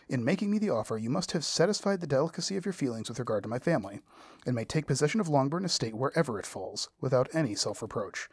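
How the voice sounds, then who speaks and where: A man reading the lines of a spirited young woman firmly refusing a proposal, with a husky voice. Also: mid-range voice, a little mellow, dry recording, studio quality. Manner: firm and exasperated refusal.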